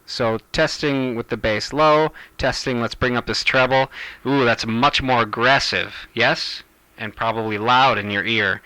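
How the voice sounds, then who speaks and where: A man giving a casual home-recording tutorial in a relaxed, chatty way with friendly asides, speaking into a studio microphone. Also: mid-range voice, measured pace.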